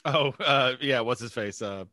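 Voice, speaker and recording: A man's voice: medium pitch, unhurried, bright, forceful tone, dry recording, studio quality. A man casually chatting about a movie trailer as a co-host, joking and dropping into silly impressions. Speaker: podcast co-host.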